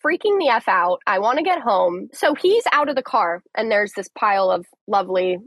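A woman's voice: medium pitch, big pitch swings, normal speed, a bit bright, breathy edge, no echo. A young woman in her twenties, a caller dramatically retelling a story in a casual chat. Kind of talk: animated storytelling.

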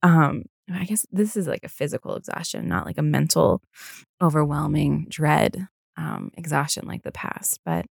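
A weary young woman hosts a podcast alone, yawning as she goes, her low, creaky, slightly rough voice still expressive at a moderate pace. She chats in a rambling way, stuffing her speech with fillers and swearing freely. The studio sound is clean with no echo.

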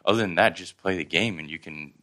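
A young man who grew up in Thailand, telling stories in a casual chat with quick animated delivery. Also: deep voice. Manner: fast, animated storytelling with frequent laughs.

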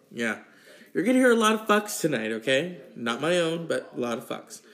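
A man's voice: a little high, big pitch swings, fairly quick, fairly bright tone, roomy sound. A man hosting a casual solo podcast, rambling and swearing freely between sighs, with a sore throat. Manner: rambling, profane, sighing between sips. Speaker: podcast host.

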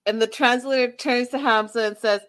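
A woman giving a casual, animated recap of a reality show, acting out quotes and laughing as she goes. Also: a little high, a little fast.

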